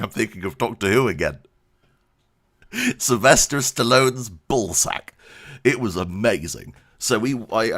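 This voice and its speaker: A man's voice: on the low side, a bit bright. A man giving a casual channel update, rambling and self-deprecating, laughing often. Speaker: YouTube creator.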